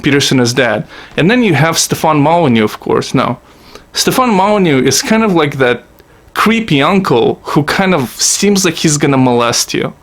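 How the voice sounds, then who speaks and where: A man's voice: on the high side, very animated, normal speed. A man hosting a comedy video, delivering a satirical monologue as a profane, sarcastic, mock-earnest rant.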